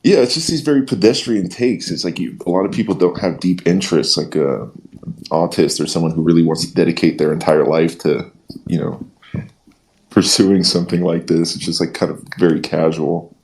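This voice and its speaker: A man's voice: low voice, a little fast, gravelly, a little mellow. A man in a live audio chat, talking in an easygoing, conversational way and agreeing with others. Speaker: participant in an audio chat room.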